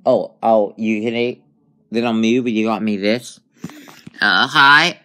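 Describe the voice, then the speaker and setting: A man's voice: lowish voice, takes it slowly, sharp tone. A man playing a spooky game on his channel, thinking aloud and reacting with frequent startled exclamations. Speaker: gaming channel host. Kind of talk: let's play commentary.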